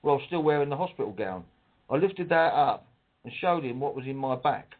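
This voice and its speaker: Husky man on a tinny phone line. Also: mid-range voice, expressive, fairly quick. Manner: emotional, restarts, acts out quoted exchanges. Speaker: guest telling his story. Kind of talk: casual personal account.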